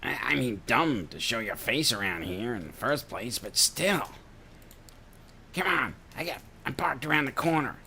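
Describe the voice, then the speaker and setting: A gruff male vampire lowlife from a story game, as a man reads him aloud. His voice is gravelly and cutting, bouncing up and down as he talks, with a faint hum in the background. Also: expressive, normal speed, sharp tone, heavily acted. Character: gruff male vampire street contact, blunt.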